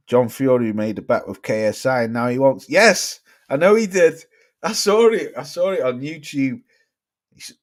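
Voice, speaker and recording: A man, ranting casually and swearing while reacting to his live chat. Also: medium pitch. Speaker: streamer.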